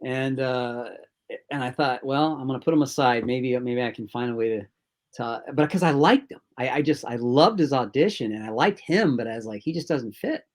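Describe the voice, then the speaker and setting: A man's voice: mid-range voice, moderate pace. A film director as an interview guest, telling rambling casual anecdotes and acting out his own quoted thoughts.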